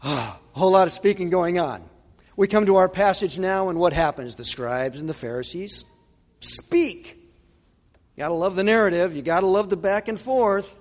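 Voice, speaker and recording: High-voiced preacher in a reverberant hall. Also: male voice. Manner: dramatic, acts out quotes with pauses and repetition. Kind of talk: sermon.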